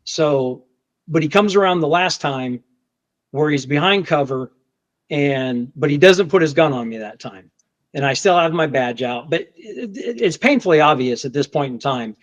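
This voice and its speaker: On dull, low-quality podcast sound, a man with a higher voice and a moderate pace, a federal agent, tells a tense field story. He's animated, keeps restarting, and acts out the quotes that were shouted.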